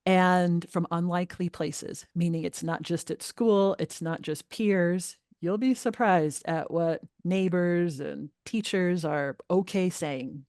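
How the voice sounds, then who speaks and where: A middle-aged woman guest on a parenting interview, speaking earnestly and emphatically, growing animated when upset. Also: lowish voice, slow pace, few pauses, no echo, clean studio sound. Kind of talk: podcast interview.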